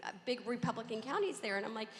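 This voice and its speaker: A woman's voice: fairly high pitch, lively intonation, fast talker, a little hiss or hum. A woman from Kentucky with a Southern accent, speaking as a panelist, earnest and pleading. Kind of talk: convention panel talk. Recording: hall reverb.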